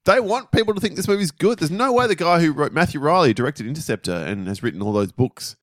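A man's voice: on the high side, animated, fast, no room sound, studio quality. A man co-hosting a film review podcast in casual chat, blunt and emphatic, swearing freely.

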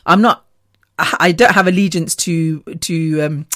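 A woman's voice: low-pitched, unhurried, no room sound. Chatty woman with a dry close sound. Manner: chatty, laughs often, animated and digressive. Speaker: podcast host. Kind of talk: rambling personal storytelling.

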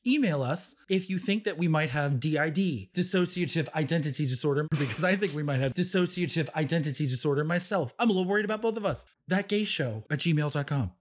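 A man's voice: a little high, fast, few pauses. A man co-hosting a casual podcast chat, theatrical and giggly, often slipping into campy put-on voices. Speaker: podcast co-host.

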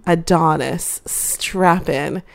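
A woman co-hosting a casual podcast chat, spinning a story with mock drama and self-mockery. Her voice sits on the low side, and she talks slowly and deliberately. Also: creaky. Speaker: podcast co-host.

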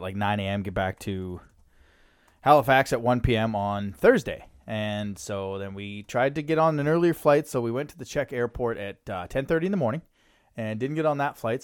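A man's voice: on the low side, clear, resonant tone, no echo, clean studio sound. A man from Canada hosting a podcast, telling a travel story in a chatty way and laughing often. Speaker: podcast host. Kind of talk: casual podcast chat.

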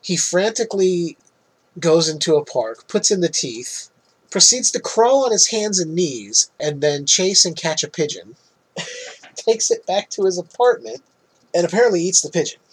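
Podcast co-host, man, slightly raised pitch, breathy edge, lively recap with laughs. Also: moderate pace. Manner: animated, laughs often, swears freely. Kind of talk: casual movie recap chat.

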